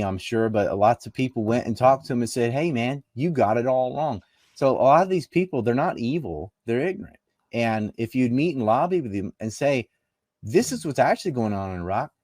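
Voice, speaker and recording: Low-voiced guy from north carolina ranting about politics, emphatic, dead dry mic. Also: dark tone, no echo. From North Carolina, USA. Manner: emphatic, argumentative, scoffing. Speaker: interview guest. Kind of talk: casual political talk.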